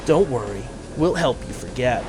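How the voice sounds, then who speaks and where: A man voicing a menacing adult female game villain with a put-on Russian accent, speaking in a low, threatening way. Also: lively intonation, moderate pace, noisy background, natural voice.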